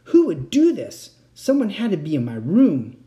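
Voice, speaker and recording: A man voicing a worried teenage girl who pleads in a high, rising voice. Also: wildly swooping pitch, moderate pace, warm tone. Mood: upset.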